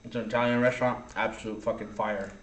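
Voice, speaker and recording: A man's voice: fairly low pitch, little pitch movement, fast, echoey room. A man in his thirties co-hosting a casual podcast, telling stories with lots of swearing and laughter. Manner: profane, laughing storyteller. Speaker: podcast co-host. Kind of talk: casual chat.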